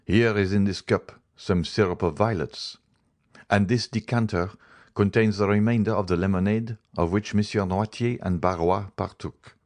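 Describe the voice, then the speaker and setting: A man voicing a stern middle-aged doctor, measured and coldly certain. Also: fairly low pitch, fairly even intonation, darkish tone, lightly acted. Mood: grave.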